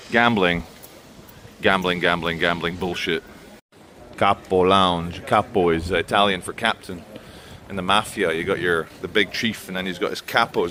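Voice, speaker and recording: A man with a fairly low voice gives sarcastic, blunt walking commentary outdoors in town streets. Faint street ambience hums behind him, and he rants freely as he goes. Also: fairly bright tone, a little hiss or hum. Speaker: vlogger.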